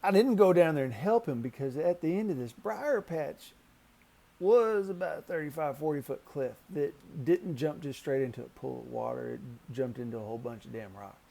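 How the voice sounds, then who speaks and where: A man's voice: moderate pace, gravelly. A man telling a story casually and animatedly, swearing freely, his voice jumping up when he gets worked up. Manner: profane, animated, pitch jumps when excited. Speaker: storyteller recounting a canoe trip.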